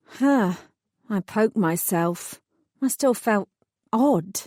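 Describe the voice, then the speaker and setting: Woman reading a fantasy audiobook, calm and measured, dry close sound. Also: medium pitch, no room sound. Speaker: audiobook narrator. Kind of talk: scripted first-person narration.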